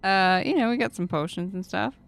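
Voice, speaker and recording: A woman's voice: mid-range voice, fairly quick, vocal fry, clean tone, soft background music. A woman playing a tabletop game, chatting about her character with frequent giggles. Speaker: player.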